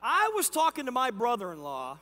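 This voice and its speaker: A man's voice: very high-pitched, a little fast. A man in a large convention hall telling a motivational story as a company executive, acting out both sides of an exchange with a neighbor. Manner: energetic, acts out neighbor dialogue in the story. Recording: hall reverb.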